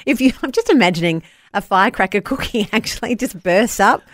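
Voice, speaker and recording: A woman's voice: mid-range voice, expressive, fairly quick, no echo, studio quality. Bubbly Australian woman radio host. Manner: bubbly, laughs often. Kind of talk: breakfast radio chat.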